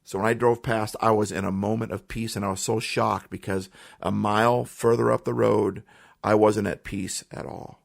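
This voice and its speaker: A man's voice: on the low side, little pitch movement, normal speed, creaky. A man hosting a podcast, talking earnestly and emphatically in a motivational monologue, repeating phrases for effect. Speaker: podcast host.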